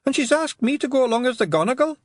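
A man's voice: very high-pitched, big pitch swings, fast talker, no echo, clean studio sound, pitched above the performer's own voice. A man voicing a tiny, nervous male pixie with a Scottish accent who stammers and hesitates. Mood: bashful.

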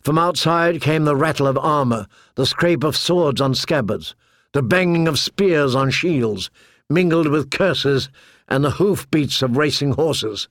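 A male audiobook narrator reads at an unhurried, deliberate pace. His voice sits a little high for a man. The recording is close and completely dry. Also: a bit bright, no echo. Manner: measured, deliberate. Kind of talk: scripted narration.

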